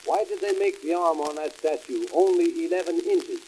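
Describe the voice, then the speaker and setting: A man puts on a stern judge from a 1920s vaudeville comedy record. He asks his questions in a dark, mellow voice with clipped, official phrasing, over a faint hiss. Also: a little high, normal speed, natural voice, low-quality recording. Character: stern male judge examining applicants.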